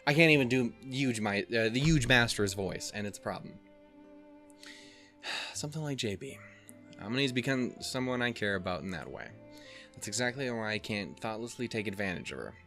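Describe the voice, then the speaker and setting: An animated man with a mid-range voice speaks at a moderate pace, sounding pushed and bright, with soft music behind him. He reads a visual novel aloud for his let's play channel, interrupting himself with swearing, self-deprecating, wandering remarks.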